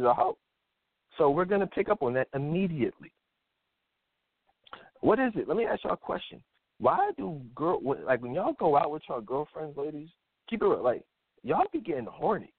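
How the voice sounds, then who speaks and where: A man's voice: mid-range voice, no echo. A man hosting a live talk show, giving a blunt, emphatic monologue full of repeated words. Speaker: host. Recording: tinny phone-like dry audio.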